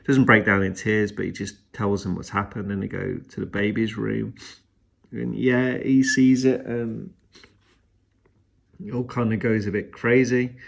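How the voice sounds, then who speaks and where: A man's voice: fairly low pitch, creaky. A man and father giving a casual, rambling film review, retelling the plot with many restarts and fillers.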